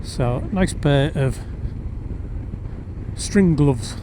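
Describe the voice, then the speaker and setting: A man's voice: a little high, drawn-out words. A man, chatting wryly as he rides a motorbike and recording through a helmet mic. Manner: chatty, wry, rambling asides. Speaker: motorcycle vlogger. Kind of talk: casual ride commentary. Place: riding a motorcycle outdoors on roads. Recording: clear road and engine noise behind.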